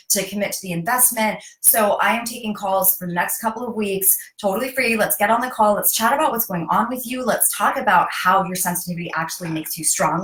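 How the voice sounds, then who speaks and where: A woman life coach hosting a live stream, speaking in a reassuring, encouraging way and slowing down on key phrases. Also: mid-range voice, a bit bright. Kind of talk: casual live-stream chat with a program pitch. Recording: roomy echo.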